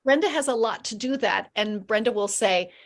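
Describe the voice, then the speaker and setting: A woman with a somewhat high voice tells stories in an animated, chatty way and acts out the people in them. She talks from home over a video call, in a casual group conversation. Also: normal speed. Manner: animated storyteller acting out quotes. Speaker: program member.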